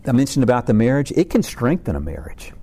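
A man's voice: mid-range voice, big pitch swings, quick pace, mellow, breathy edge. A middle-aged man giving an informal faith talk about family struggles, earnest and rambling, with many restarts and repeated words.

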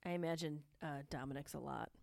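A woman's voice: deep voice, brisk, vocal fry, no echo, clean studio sound. A woman co-hosting a podcast, chatting casually and enthusiastically about wrestling with lots of fillers. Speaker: podcast co-host. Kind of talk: casual chat recapping wrestling.

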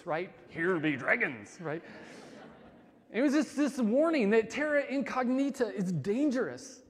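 A man giving a sermon as a pastor, conversational and casual, swinging between loud emphasis and soft, quiet stretches. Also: high-pitched, long reverb tail.

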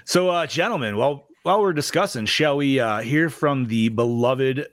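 A man's voice: mid-range voice, normal speed, no room sound. A man hosting a casual podcast, bantering loosely with swearing and laughs. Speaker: podcast host.

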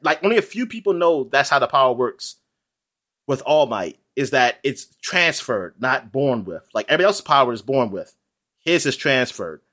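A man talking in a casual, rambling chat, animated and full of fillers, laughing often. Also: medium pitch.

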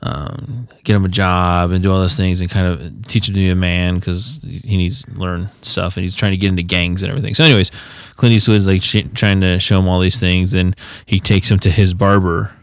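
A man chatting on a podcast, telling animated stories and acting out what people said. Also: sits low, a little fast, few pauses, no room sound. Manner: animated storyteller who acts out quotes. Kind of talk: casual podcast chat.

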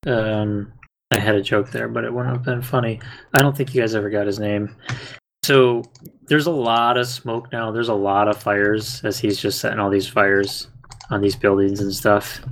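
A man running a tabletop game as dungeon master, narrating in an unhurried way. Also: on the low side, steady tone, vocal fry, fairly bright tone. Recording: faint background noise.

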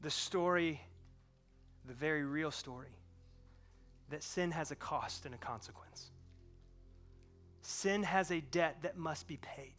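A man preaching a sermon in a church, swinging from impassioned outbursts to hushed, quiet moments. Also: a little high, takes it slowly, long pauses, soft background music. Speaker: pastor. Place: church sanctuary.

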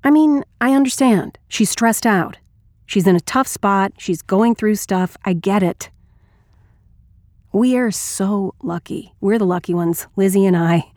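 A woman's voice: mid-range voice, unhurried, darkish tone, no echo, studio quality, close to an everyday voice. A woman reading an audiobook as a blunt, wry, crude male ex-Marine narrator.

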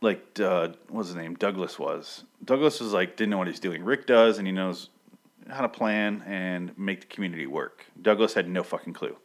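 Low-voiced man rambling through a recap. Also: moderate pace. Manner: rambling, profane, self-correcting. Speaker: TV episode recapper. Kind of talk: casual spoken recap.

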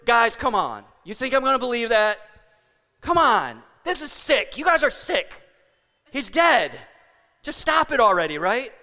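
A preacher doing a scoffing, doubting disciple. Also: male voice, very high-pitched, very animated, a little slow, bright, forceful tone, in a large hall, heavily acted. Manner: sarcastic, exasperated. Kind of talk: sermon storytelling.

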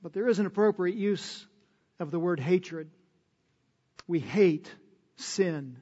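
Male preacher, sermon, high voice, slow deliberate delivery, loud peaks then quiet drops, long hall reverb, dull lo-fi sound. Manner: measured preaching, swinging between loud emphatic peaks and soft low endings.

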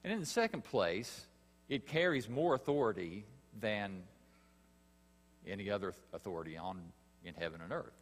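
A man preaching a sermon, earnest and emphatic, pausing and rising in stress as he reads scripture. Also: lowish voice, big pitch swings, long reverb tail. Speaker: pastor.

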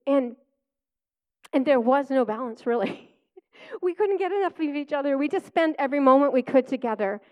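A woman's voice: sits high, expressive, normal speed, highs cut off. A middle-aged woman preaching, telling a personal testimony in a chatty storytelling way that often breaks into laughter.

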